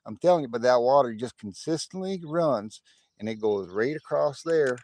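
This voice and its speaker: A man putting on a West Texas drawl as a boastful, folksy coin stacker, loudly pointing things out around his land on a livestream. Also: medium pitch, animated, normal speed, close to an everyday voice. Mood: folksy boasting. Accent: put-on West Texas drawl. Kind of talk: livestream impression.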